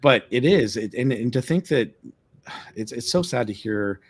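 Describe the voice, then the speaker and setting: A man, a former tour guide, telling an excited story on a live stream, repeating words and acting out what people said. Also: medium pitch, measured pace, husky. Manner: excited, repeats words, acts out quoted lines. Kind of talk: animated storytelling. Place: remote live stream call.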